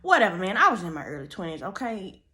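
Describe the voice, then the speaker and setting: A young woman telling a storytime tale to her viewers in a sassy, animated way, chatting through asides while she does her makeup. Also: medium pitch, fast talker. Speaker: storytime vlogger. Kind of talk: casual storytime chat.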